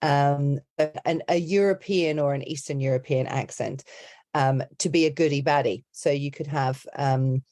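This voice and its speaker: A woman's voice: low voice, moderate pace, warm tone. A middle-aged woman, an accent and dialect coach, explaining her methods in a rambling, chatty podcast interview. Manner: chatty, rambling, heavy on "you know, like".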